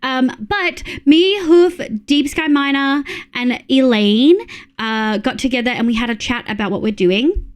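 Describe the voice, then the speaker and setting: A woman's voice: high voice, measured pace, clear, resonant tone. An Australian woman chatting on a live stream, giggly and talkative as she reads her chat aloud.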